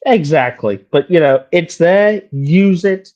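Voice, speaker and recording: A man's voice: on the high side, animated, slow, darkish tone, dull audio. A man co-hosting a casual book-talk podcast, talking animatedly with stumbling restarts. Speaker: podcast co-host. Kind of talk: casual chat.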